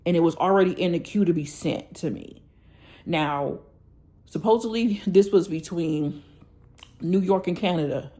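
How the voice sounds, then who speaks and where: A woman speaks at a normal speed in a lowish, warm voice, venting angrily on her planner vlog about an order gone wrong. The rant is casual and blunt, peppered with "y'all" and "okay?" aimed at her viewers.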